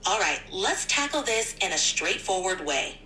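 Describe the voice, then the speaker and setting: Bright lively synthetic woman assistant. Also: mid-range voice, normal speed, echoey room, a little hiss or hum, poor audio. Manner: upbeat, polite, smoothly helpful. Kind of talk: synthetic conversational assistant speech.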